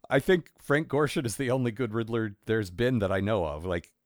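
A man's voice: fairly low pitch, animated, fairly quick, darkish tone, no echo, studio quality. A man co-hosting a podcast in casual chat, rambling and wry, full of fillers and restarts. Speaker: podcast co-host.

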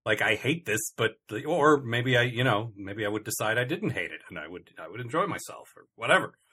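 A man's voice: medium pitch, big pitch swings, fairly quick, bright, forceful tone, husky. A man co-hosting a comedy podcast, chatting casually in a rambling, self-interrupting way with dry, complaining humor. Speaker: podcast co-host.

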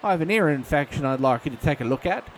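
An actor playing a haughty, insulting upper-class English gentleman in a comedy audio sketch, with an English accent. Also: fairly high pitch, expressive, fast, slight background noise, close to an everyday voice. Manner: haughty, scornful, theatrical.

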